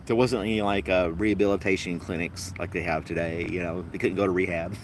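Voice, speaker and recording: A man's voice: low-pitched, steady tone, fast talker, slight background noise. A man hosting a casual podcast chat, rambling and wry, laughing at his own jokes. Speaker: podcast host.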